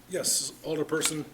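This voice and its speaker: A man's voice: on the high side, vocal fry, noisy background. A man chairing a city council meeting, making formal, brief procedural calls to recognize speakers.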